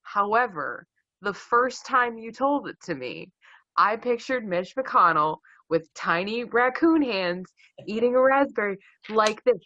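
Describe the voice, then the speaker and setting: A young woman co-hosting a casual podcast, animated, jokey and swearing as she rants. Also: a little high, a little slow, no echo. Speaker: podcast co-host. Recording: dull lo-fi dry sound.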